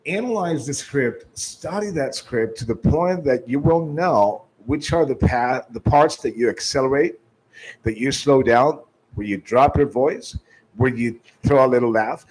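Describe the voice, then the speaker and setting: A man's voice: mid-range voice, unhurried, a little mellow, husky, poor audio. A man giving sales training, emphatic, restarting often and shifting his tone and volume to demonstrate.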